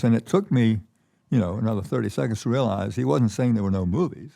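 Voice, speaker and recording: An older man, the keynote guest at a conference, telling anecdotes in a halting way with many restarts. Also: medium pitch, creaky, mellow. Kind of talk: conference conversation.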